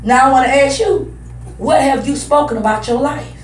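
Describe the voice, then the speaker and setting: Woman preacher, very high voice, shouting and repeating her points, recorded from a distance in an echoey hall. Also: normal speed. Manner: loud, emphatic, repetitive preaching. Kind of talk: sermon.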